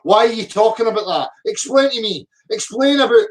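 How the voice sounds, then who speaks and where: A man's voice: sits high, expressive, a little fast. A middle-aged man, ranting profanely at viewer comments, abrasive and mocking. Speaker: flat earth video commentator. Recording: voice a bit distant from the mic.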